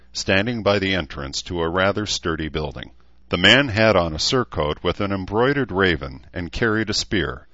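A man narrating an audiobook in a measured storytelling manner. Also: deep voice, pushed and bright, no room sound. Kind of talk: scripted narration. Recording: dull, dry studio read.

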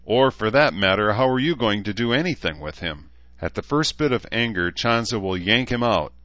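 A man playing a calm, commanding war leader with a dry manner. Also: fairly low pitch, moderate pace, dry recording, highs cut off, voice pushed up.

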